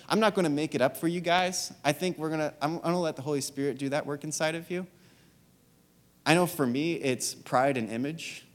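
Earnest young man preaching in a hall. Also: a little high. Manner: earnest, conversational storytelling with fillers. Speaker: youth speaker. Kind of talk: sermon. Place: church hall. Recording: long hall reverb, music behind. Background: soft guitar.

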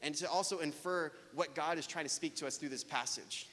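A man with a high, bright voice gives a sermon, casual and self-deprecating as he chats with his listeners. His voice rings out with a long reverb through a church hall. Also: fairly quick.

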